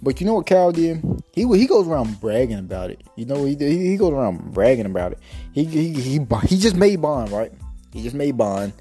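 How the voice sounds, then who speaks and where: A man's voice: medium pitch, sing-song, a little fast, mellow, soft background music. A man hosting a podcast, ranting in a casual, slangy way and often repeating himself for emphasis. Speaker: podcast host. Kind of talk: casual rant.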